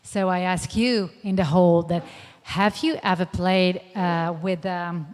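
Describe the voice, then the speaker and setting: A woman's voice: lowish voice, fairly even intonation, a little slow, big-room sound. A woman with a Hungarian accent, whose first language is Hungarian, co-hosts a conference in a friendly but hesitant way. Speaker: event co-host. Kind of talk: on-stage hosting. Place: conference stage in a large hall.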